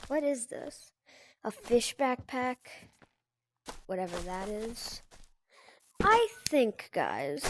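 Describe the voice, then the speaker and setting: A young girl chatting casually through a gameplay video, rambling and stopping to calm her crying dog. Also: high-pitched, background noise. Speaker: gaming video creator. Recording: game music playing behind.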